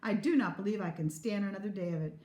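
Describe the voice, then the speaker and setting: A woman's voice: fast talker, echoey room, natural voice. A woman reading as a weary storybook mother. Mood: fed up. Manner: low and calm.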